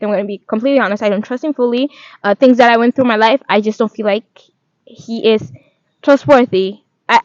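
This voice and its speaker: A young woman of about twenty with a slightly high voice, talking openly and rambling in a confessional diary vlog. She leans on "like" as she works through her thoughts. The recording is dry and a little dull. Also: no echo. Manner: candid and rambling, heavy use of "like". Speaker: vlogger.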